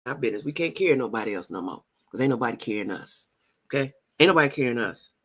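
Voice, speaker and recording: A woman's voice: extremely low pitch, animated, fast talker, a bit bright. A middle-aged woman talking straight to viewers in a casual vlog. She is emphatic and repeats phrases for emphasis. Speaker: vlogger.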